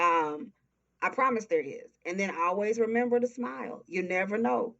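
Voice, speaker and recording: A woman in her early forties with a Southern accent from Texas, a guest speaking earnestly and slowly in an interview. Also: mid-range voice, gravelly, a bit bright. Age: early 40s. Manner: earnest, heartfelt, slow and emphatic. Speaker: guest, nonprofit founder. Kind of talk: interview conversation. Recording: dull lo-fi audio.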